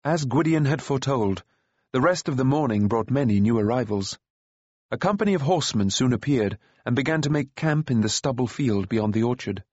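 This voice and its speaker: A man reads a children's fantasy novel in a steady storytelling voice. His tone is slightly husky, and the close studio recording is dry and a little dull. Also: mid-range voice, fairly quick, dry recording. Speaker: audiobook narrator. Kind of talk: scripted narration.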